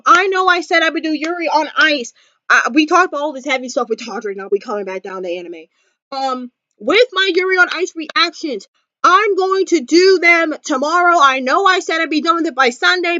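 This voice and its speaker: A woman talking straight to camera in a casual commentary vlog, emphatic and animated, repeating her points. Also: sits high, dry recording, dull audio. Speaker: vlogger.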